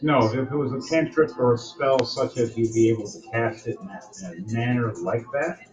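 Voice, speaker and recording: A man's voice: medium pitch, fairly quick, a little mellow. Man running a tabletop game. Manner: loose, rambling descriptions. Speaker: game master. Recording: dull lo-fi audio, faint music.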